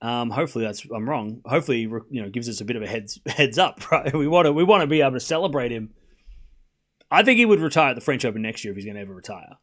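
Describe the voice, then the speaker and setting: A man hosting a live tennis watchalong, rambling casually, answering viewer chat and calling points in quick play-by-play bursts. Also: mid-range voice, lively intonation, fairly bright tone.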